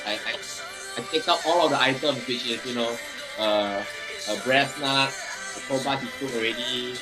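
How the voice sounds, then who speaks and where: A man's voice: medium pitch, normal speed, over music, rough recording. A man playing a tabletop wrestling game, rambling and laughing with hesitant restarts. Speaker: player. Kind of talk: tabletop role-play.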